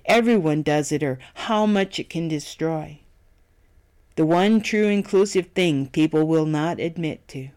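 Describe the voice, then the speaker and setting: Solemn, measured devotional reader. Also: mid-range voice, darkish tone, clear, resonant tone. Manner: measured, solemn, reciting scripture references. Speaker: devotional speaker. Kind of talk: scripted devotional reading.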